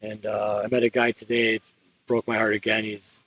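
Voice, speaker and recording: A man's voice: on the low side, monotone, brisk, fairly bright tone, muffled recording. A man talking candidly in a rambling confessional monologue, laughing often and drifting between topics. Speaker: political candidate.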